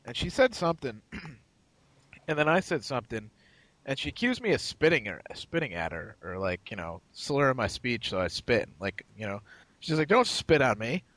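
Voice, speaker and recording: A man's voice: medium pitch, sing-song, normal speed, fairly bright tone, no room sound, low-quality recording. A man co-hosting a podcast, telling a rambling, profane story in casual chat and acting out the other people in it. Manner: rambling, profane anecdote-telling with quoted voices. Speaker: podcast co-host.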